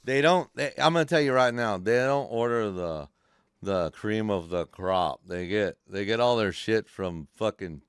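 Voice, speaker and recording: Male podcast host, casual storyteller, lots of swearing, crisp tone. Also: on the low side, a little slow, no room sound, studio quality. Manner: profane, rambling, animated storyteller.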